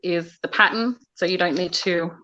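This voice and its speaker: A woman's voice: lowish voice, normal speed, pushed and bright. An Australian woman co-hosting a craft livestream, chatty and good-humoured, talking through each step of her demonstration. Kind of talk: casual livestream chat and demonstration. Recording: dull, lo-fi call audio, dry.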